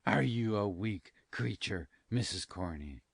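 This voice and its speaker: A pompous, self-important parish beadle drawls out each word slowly and gravely, as a woman reading the story puts him on. The voice sits very low with a heavy gravelly rasp and a husky edge. Dry, close recording. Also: expressive, no room sound, heavily acted. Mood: wooing.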